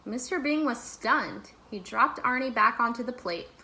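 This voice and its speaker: A woman reading a children's picture book aloud in an expressive, gently paced way. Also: on the high side, moderate pace. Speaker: storyteller. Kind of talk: children's storybook read-aloud.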